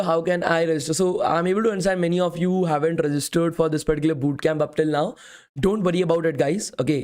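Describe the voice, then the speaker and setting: This young Indian man, speaking with an Indian English accent, has a somewhat high, darkish voice strained from a full day of talking. He leads a live coding bootcamp in a chatty way, reading chat questions aloud and constantly saying "okay" and "guys."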